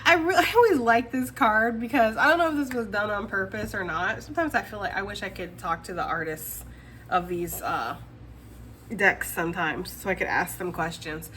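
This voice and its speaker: Bright-voiced chatty woman tarot reader. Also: fairly high pitch, a little hiss or hum. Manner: chatty, laughs often, talks straight to the viewer. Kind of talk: casual tarot reading to camera.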